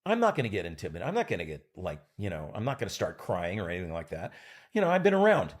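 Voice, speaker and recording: A man's voice: low voice, huge pitch swings, quick pace. A man in his sixties, an actor, telling a backstage story in a chat and acting out other people's lines. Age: 60s. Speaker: actor and guest.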